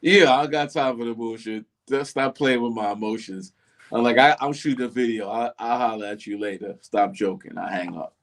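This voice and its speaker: Speaking at a moderate pace in a mid-range voice, a middle-aged man shares a story as a guest in a laid-back interview, animatedly impersonating the people involved.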